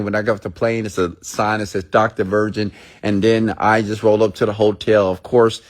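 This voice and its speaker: Motivational speaker, man, low-ish voice, preachy and emphatic. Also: a little mellow. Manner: preachy, emphatic, mimics listeners in high voices. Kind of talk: motivational monologue.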